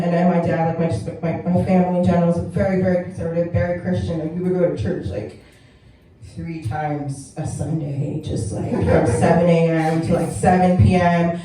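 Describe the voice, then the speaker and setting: A young woman works through a stand-up set, chatty and self-mocking, with quick laughs between jokes. Her voice is mellow and dark in tone. It rings through an echoey club room, picked up from some distance. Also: fairly low pitch. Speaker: stand-up comedian. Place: comedy club stage. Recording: echoey room, mic heard from far off.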